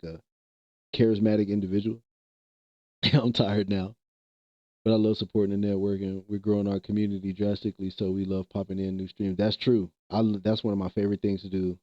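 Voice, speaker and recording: Laid-back low-voiced male streamer. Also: no echo, dull audio. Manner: loose slang-heavy banter, laughs often. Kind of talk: casual live-stream chat.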